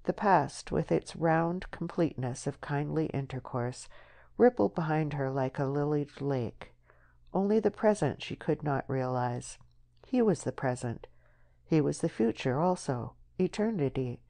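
A woman narrating an audiobook novel in a measured, expressive storytelling manner. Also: sits low, vocal fry. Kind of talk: scripted narration.

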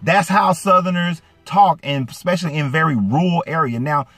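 A man's voice: normal speed, no room sound. A man from Atlanta with a light Southern accent, giving casual, emphatic commentary to his viewers. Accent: light Southern US (Georgia). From Atlanta, Georgia. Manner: animated, emphatic, swings from low asides to raised indignant peaks. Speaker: YouTube commentator. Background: faint background music.

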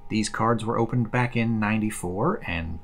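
A man's voice: lowish voice, normal speed. A man hosting a casual explainer video about collectible cards, chatty and rambling with fillers and restarts. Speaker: card collector host.

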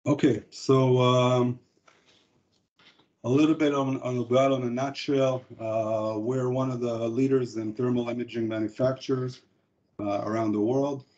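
A man presenting a corporate product webinar, speaking in a halting way with frequent hesitations. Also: medium pitch, flat delivery, a little mellow. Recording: dull lo-fi webinar audio.

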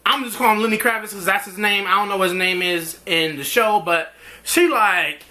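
A man with a high voice recaps a TV drama episode casually at normal speed. As a TV show reviewer, he stays animated and acts out the characters' lines mid-recap.

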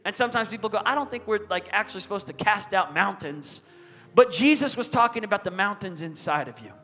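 A middle-aged man preaching from a church stage, his voice high and bright. He leans into emphatic call-and-response lines, and the long reverb of the sanctuary trails behind each phrase. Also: lively intonation, fairly quick, soft background music. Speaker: pastor. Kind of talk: sermon.

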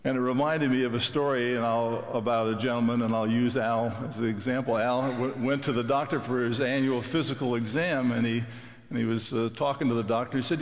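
A man's voice: medium pitch, fairly even intonation, brisk. An older man giving a folksy public lecture as an economics professor, joking and loose with fillers, heard with long lecture-hall reverb.

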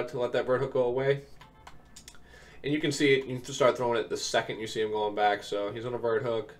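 A young man recovering from an illness gives casual gameplay commentary, laid-back and full of ums as he explains plays step by step. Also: medium pitch. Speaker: video game tips creator. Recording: distant mic, faint keyboard noise.

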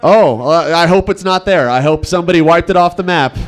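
On a club stage, a Nevada man in his twenties does wry, self-deprecating stand-up, animatedly impersonating locals. His voice sits on the high side and moves fairly quickly.

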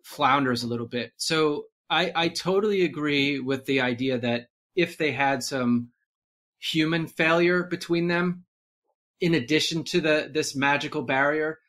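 A man talking casually on a podcast, rambling and animated, full of fillers and restarts. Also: on the high side, measured pace. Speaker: podcast guest. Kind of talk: casual movie discussion.

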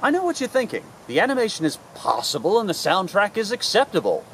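A man hosting a comedic cartoon review with a sarcastic, animated delivery. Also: high-pitched, fast talker, loud music behind the voice. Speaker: host.

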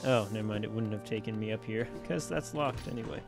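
A man giving casual gameplay commentary into his desk mic, chatty and quick to exclaim, talking back to the enemies on screen. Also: lowish voice, vocal fry, music in the background. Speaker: let's play gamer. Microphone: personal desk mic.

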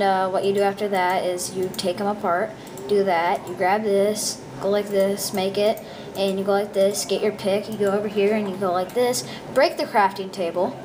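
A woman's voice: medium pitch, background noise. A woman giving casual, rambling commentary over her gameplay, full of ums and uhs and goofy asides. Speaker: gameplay video maker.

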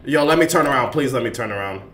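A man's voice: medium pitch, lively intonation, fast, a bit bright. Jumpy man in a horror game. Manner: panicky, jumpy, talking to himself. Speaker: gaming YouTuber. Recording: roomy, distant mic, faint hiss.

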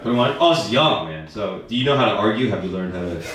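A young man doing a stand-up comedy set in a club, animated and jumping into high squeaky voices when he quotes women. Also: fast talker. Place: comedy club with a live audience. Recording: echoey club from a distance, crowd laughing.

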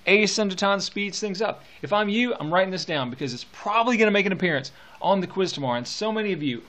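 A man's voice: high-pitched, lively intonation, fast talker, fairly bright tone. A male teacher lecturing on poetry with enthusiasm, reading verse aloud with relish.

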